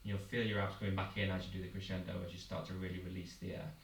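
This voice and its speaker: Guy coach running a singing warm-up, lowish voice, echoey room, mic kinda far off. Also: little pitch movement, racing, very noisy. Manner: patient, encouraging instruction with demonstrations. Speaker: vocal coach. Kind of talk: vocal warm-up lesson.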